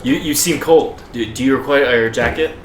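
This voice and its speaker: A man's voice: mid-range voice, normal speed, lightly acted. A man playing a deferential, stammering young adventurer. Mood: polite. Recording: echoey room, music behind.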